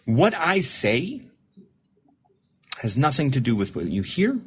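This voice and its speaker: A man's voice: mid-range voice, very animated, slow pace, a little hiss or hum. A man serving as host and recovery mentor, explaining ideas to a caller in casual talk, often repeating and restarting words.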